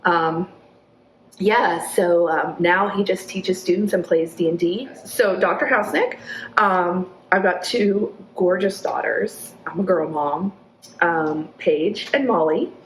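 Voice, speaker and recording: A woman, chatting casually in an interview and acting out quotes in a high, laughing voice. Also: slow pace. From Arkansas, USA. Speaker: executive director of a downtown nonprofit, interview guest. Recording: echoey room with faint ambient noise.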